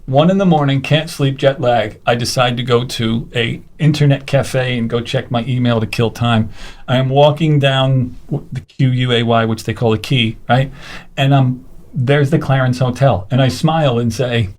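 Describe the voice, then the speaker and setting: Man telling a lively story on a podcast. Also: mid-range voice. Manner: animated storyteller who acts out his own past lines; self-mocking and quick to laugh. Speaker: guest, actor and acting coach. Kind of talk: casual podcast interview.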